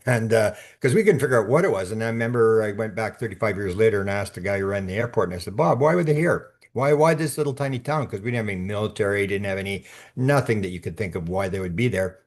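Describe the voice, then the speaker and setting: A man's voice: on the low side, fast talker. An older man, a podcast guest telling a long anecdote in a rambling way, full of restarts and repeated words. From Canada. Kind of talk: storytelling in conversation.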